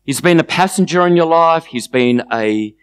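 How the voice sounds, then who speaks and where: A man preaching as a guest speaker, leading the church through a guided-imagery story in an animated storytelling way. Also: on the high side, normal speed, clear, resonant tone. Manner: storytelling, animated, with soft restarts.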